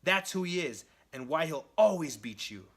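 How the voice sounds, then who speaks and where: A man's voice: fairly high pitch, expressive, normal speed, a bit bright, pitched above the performer's own voice. A man voicing a defiant captive who taunts a villain, in a raised, scornful voice.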